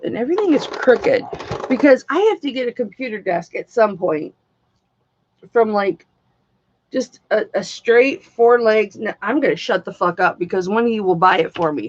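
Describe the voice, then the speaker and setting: A woman selling items on a casual live stream, chatty and excitable, swearing casually as she talks to her viewers. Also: mid-range voice. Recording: dull lo-fi dry sound.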